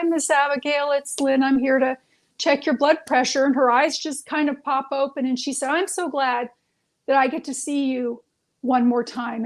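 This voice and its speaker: High-voiced woman telling ghost stories. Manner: earnest, acts out quoted dialogue in stories. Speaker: guest, paranormal consultant and former nurse. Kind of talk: phone-in radio interview storytelling.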